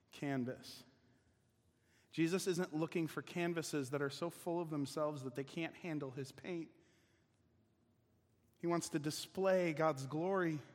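A man preaching a sermon as pastor, conversational and emphatic, often restarting his sentences. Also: fairly high pitch. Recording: long reverb of a large hall.

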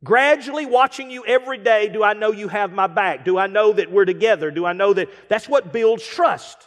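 A middle-aged man preaching a sermon, animated, with acted-out asides and rhetorical questions. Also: high-pitched, brisk. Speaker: guest preacher. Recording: reverberant hall.

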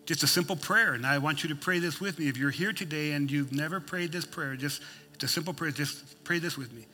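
A man's voice: fairly high pitch, a little fast, pushed and bright, soft background music. A male pastor preaching a sermon, folksy and emphatic, telling a story with many restarts.

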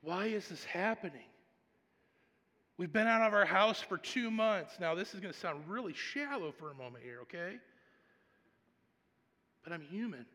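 A man preaching a sermon and telling a personal story, swinging between hushed, quiet passages and loud, animated ones. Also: high-pitched, normal speed, pauses often, long reverb tail. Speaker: pastor.

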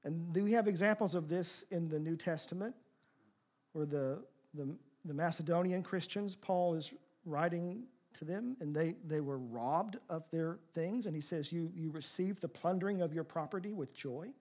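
A man preaching a sermon, asking rhetorical questions and moving between emphatic and soft passages. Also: fairly high pitch, normal speed. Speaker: pastor.

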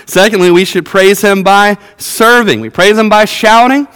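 Earnest thirtysomething man preaching in a conversational way, high-pitched and resonant, in a reverberant sanctuary. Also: normal speed, fairly bright tone, clear, resonant tone. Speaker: pastor. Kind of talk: sermon. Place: church worship center. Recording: long reverb of a worship hall.

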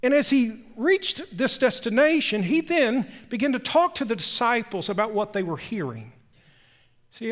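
A man preaching a sermon as a pastor, telling the story with emphatic rises and hushed drops. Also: high voice. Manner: animated storytelling, shifting from loud emphasis to hushed tones.

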